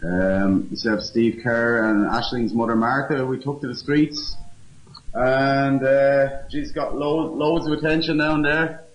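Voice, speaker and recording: Guy telling his story, halting, lots of uhs. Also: mid-range voice, little pitch movement, low-quality recording. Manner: halting, casual, many fillers. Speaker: guest campaigner. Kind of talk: casual phone interview.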